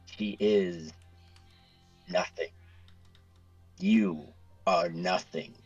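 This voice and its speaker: A man puts on a young cult fanatic woman, full of hatred. She talks slowly and deliberately, each line a cold verdict. The voice stays deep and a little husky, and the recording sounds dull. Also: huge pitch swings, faint music behind, heavily acted. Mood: scornful. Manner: slow, venomous declarations. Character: young woman zealot, hateful fanatical cultist.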